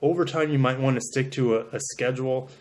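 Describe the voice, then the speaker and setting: A man's voice: medium pitch, steady tone, fast talker. A man on his own channel giving advice straight to camera, earnest and self-deprecating, often repeating words as he goes. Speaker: YouTuber.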